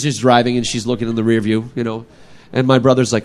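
A man's voice: medium pitch, fast. A man in his thirties telling a funny personal story live, laughing often and acting out his family. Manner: animated, laughing, acts out family members.

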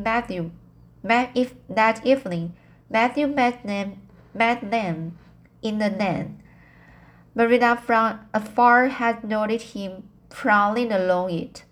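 A woman reading a novel aloud for an amateur audiobook. She reads slowly and haltingly, repeating and restarting words as she goes, in an unpolished narration. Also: mid-range voice.

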